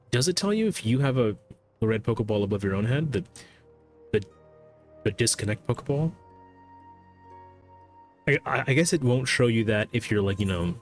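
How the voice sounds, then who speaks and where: A man's voice: fairly low pitch, animated, moderate pace, long pauses, faint music behind. A man streaming a game, chatting casually, brushing off the game's dialogue and stumbling over his words as he goes. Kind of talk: casual gameplay commentary.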